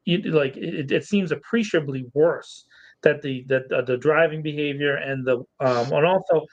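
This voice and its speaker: Man, podcast co-host, casual, friendly, laughs often, slightly high voice. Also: normal speed, highs cut off. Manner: loose and friendly, laughs often, repeats himself.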